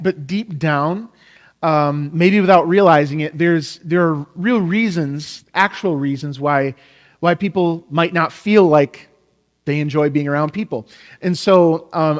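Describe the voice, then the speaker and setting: A man's voice: high-pitched, in a large hall. A man in his thirties, a pastor giving an informal, rambling sermon with frequent restarts.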